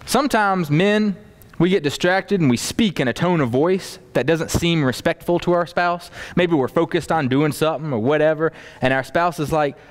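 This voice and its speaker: A man's voice: fairly high pitch, moderate pace. A man preaching a sermon to a congregation, acting out everyday dialogue as he teaches. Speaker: pastor.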